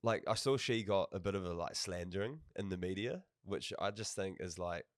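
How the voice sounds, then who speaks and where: NZ male podcast host, low, relaxed, slangy. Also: moderate pace, dry recording, clean studio sound. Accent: New Zealand. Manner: laid-back, supportive, slangy. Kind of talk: casual interview.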